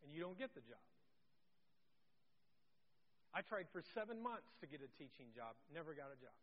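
A pastor preaching a sermon, swinging between loud calls and hushed low lines. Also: male voice, very animated, moderate pace, in a large hall, highs cut off. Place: church.

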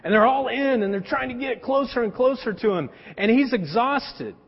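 A pastor preaching a sermon, telling the story in an animated, casual way with everyday slang. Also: male voice, very high-pitched, normal speed, breathy edge. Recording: echoey hall, dull sound.

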